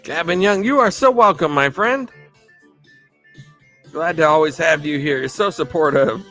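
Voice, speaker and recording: A slightly tipsy man hosts a casual live stream in a fairly high voice, rambling upbeat shout-outs to his viewers. Music plays faintly in the background. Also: normal speed. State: a bit tipsy. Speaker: livestream host.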